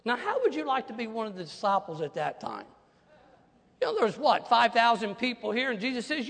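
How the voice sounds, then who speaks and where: High-voiced, bright-toned man preaching in a hall. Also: a little fast, gravelly. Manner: animated preaching, swinging from hushed to loud. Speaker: pastor. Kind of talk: sermon.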